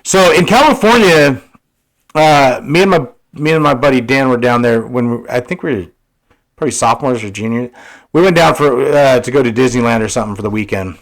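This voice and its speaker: A man's voice: mid-range voice, a little fast, low-quality recording. A man from Washington State co-hosting a podcast, telling stories casually, acting out quotes and swearing freely. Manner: animated storyteller, acts out quotes, swears freely. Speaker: podcast co-host. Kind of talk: casual storytelling chat.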